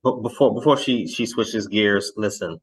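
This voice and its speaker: A man's voice: fairly low pitch, moderate pace, husky, low-quality recording. A young adult man hosting his show, reacting in rambling, conversational commentary. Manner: rambling, conversational, with many fillers. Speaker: host.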